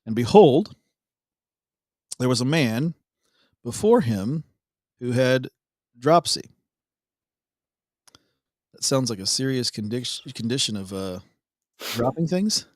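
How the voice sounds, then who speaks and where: Dude reading bible verses n cracking jokes, easygoing, dry close mic, no room sound. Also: male voice, mid-range voice, animated, slow, long pauses, darkish tone, no room sound. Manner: laid-back, jokey, laughs often. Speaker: co-host of a devotional show. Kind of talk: casual Bible reading and chat.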